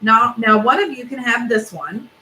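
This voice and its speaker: A calm, clever man from a storybook, as a woman reading aloud voices him, friendly and coaxing as he persuades others. The voice sits a little higher than usual, with a bright, clear tone. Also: normal speed, roomy sound, slight background noise, rough recording.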